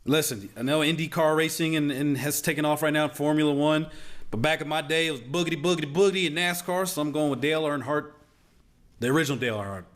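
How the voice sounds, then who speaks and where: A man's voice: fairly high pitch, steady tone, quick pace. An American man with a Southern accent, co-hosting a casual sports chat in an easygoing, teasing way. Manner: easygoing, teasing, urges others along. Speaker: co-host.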